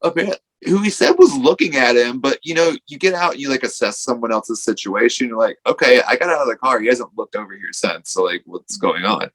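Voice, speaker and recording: A man's voice: mid-range voice, animated, a little fast, hardly any pauses, fairly bright tone, poor audio. A man, a wrestler guest on a podcast, telling a casual story with lots of "like" and acted-out quotes. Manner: rambling storytelling full of "like", acting out quotes.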